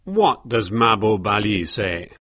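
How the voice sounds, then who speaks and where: A man voicing a brisk, questioning army officer in a storybook reading. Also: on the low side, big pitch swings, fairly bright tone, dry recording, heavily acted. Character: curious male army officer. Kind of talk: audiobook character voice.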